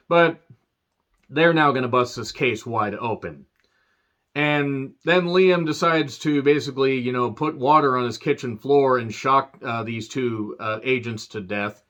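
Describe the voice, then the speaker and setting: A man's voice: mid-range voice, a bit bright, highs cut off. Sarcastic, swearing man ranting about a movie. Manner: sarcastic, swearing, laughing asides. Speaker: film reviewer. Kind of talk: profane movie review rant.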